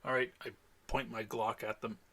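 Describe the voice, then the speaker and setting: A man playing a tabletop game, calmly stating his character's actions. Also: medium pitch, moderate pace. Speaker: player. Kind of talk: casual tabletop role-play.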